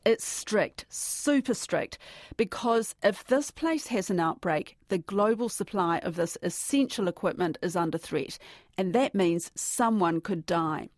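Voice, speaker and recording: A New Zealand woman reporter speaks through a face mask, so her voice sounds muffled. She narrates in a measured, emphatic way, recorded dry with no room sound. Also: medium pitch, animated, no room sound. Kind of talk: news narration.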